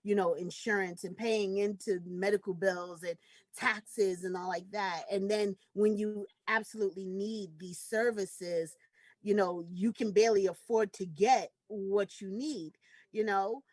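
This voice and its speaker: A woman hosting a casual conversation on a video call, talking in a relaxed way with lots of "you know". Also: mid-range voice, measured pace, no room sound. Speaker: host. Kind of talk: casual chat.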